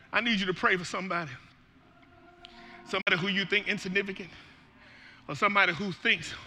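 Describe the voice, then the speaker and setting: Preacher man, real bright edgy voice, hollers and jokes around. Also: high voice. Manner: shouting, impassioned Black church preaching cadence; folksy, joking asides. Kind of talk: sermon.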